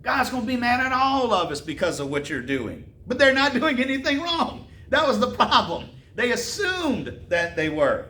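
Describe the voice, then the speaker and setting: A man preaching a sermon who reads scripture slowly and then retells it in casual slang. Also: extremely high pitch, sing-song, sharp tone, reverberant.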